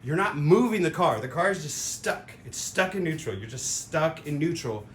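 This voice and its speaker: A vlogger with a somewhat bright voice delivers a casual, rambling opinion monologue at a moderate pace. He's animated, stuffing his talk with fillers and sound effects, and the recording has a roomy echo with a faint rumble.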